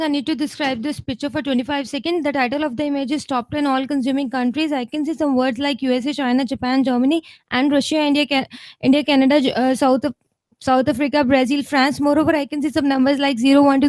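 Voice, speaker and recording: A woman student delivers a practice answer with a lot of energy and volume. Her voice is high and quick, and the sound is dry. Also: darkish tone, no echo, rough recording. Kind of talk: timed exam practice response.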